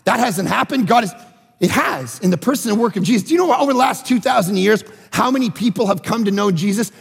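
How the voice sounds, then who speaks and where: A male pastor preaching a sermon in a church, energetic and joking, swinging between loud emphatic lines and quiet ones. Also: sits high, fast, creaky, husky, big-room sound.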